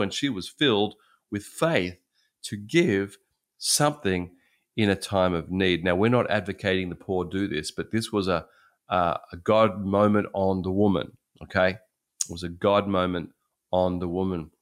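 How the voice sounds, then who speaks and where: Unhurried and low-voiced, a pastor in his sixties gives an easygoing, conversational sermon built around storytelling. Phrases get repeated and restarted as he circles back.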